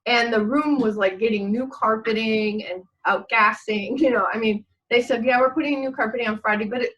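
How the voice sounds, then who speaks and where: A woman's voice: on the high side, brisk, a bit bright, dull audio. A middle-aged woman, a guest in a casual chat, telling a rambling story, laughing often and acting out what people said.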